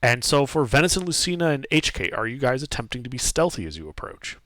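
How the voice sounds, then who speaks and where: Male game master, lively pitch, dry close mic, relaxed table talk. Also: quick pace, dry recording. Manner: runs the scene in a relaxed, conversational way.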